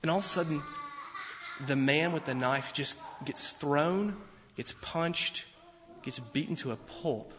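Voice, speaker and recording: A man preaching a sermon as pastor, earnest and deliberate, slowing down and swelling his voice for emphasis. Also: fairly high pitch, a bit bright. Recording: dull sound with long hall reverb.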